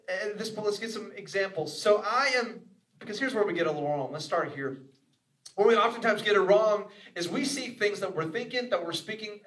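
Man, pastor, high voice, earnest sermon, echoey room, far from the mic. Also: a bit bright. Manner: earnest, repetitive preaching with acted inner voices.

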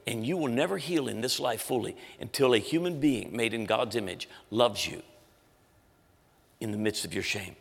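A man's voice: mid-range voice, creaky, breathy edge. A middle-aged male pastor preaching a sermon with intense conviction, pushing his voice hard at emotional peaks. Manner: intense, rising to shouts when telling a story. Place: church auditorium. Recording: live in a large reverberant hall with faint music.

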